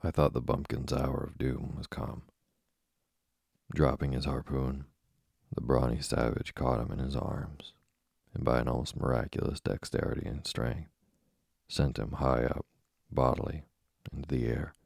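A man reading a classic sea novel aloud in a measured, dramatic storytelling manner. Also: a bass voice, little pitch movement, creaky, darkish tone, no echo, studio quality. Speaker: narrator.

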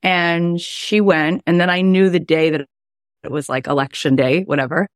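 A woman's voice: lowish voice, fairly even intonation, moderate pace, dry recording, studio quality. A middle-aged woman, a life coach and podcast host, telling a personal story in a chatty, heartfelt way, with many "like" fillers.

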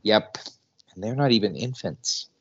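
Low-voiced male co-host, animated storyteller, lo-fi. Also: a little slow, breathy edge. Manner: animated storyteller, laughs often. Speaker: podcast co-host, teacher. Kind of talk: casual recap chat.

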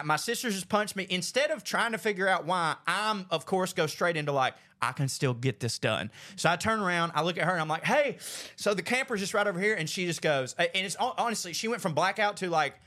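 Bright-voiced animated storyteller man. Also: fast talker, few pauses. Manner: animated storyteller, acts out quotes with big pitch jumps. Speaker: podcast host. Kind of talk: casual storytelling chat.

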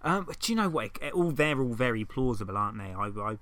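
A man co-hosting a comedy podcast with a bright, sharp-edged voice. He plays along with every gag, tossing in silly asides and teasing his partner. His tone stays loose and jokey. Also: mid-range voice, very animated, fast, no room sound. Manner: playful, riffs on jokes with silly asides. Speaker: podcast co-host. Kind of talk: casual comedic banter.

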